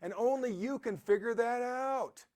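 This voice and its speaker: A man's voice: very high voice, unhurried, darkish tone. A man giving a rambling, storytelling motivational talk as a podcast host.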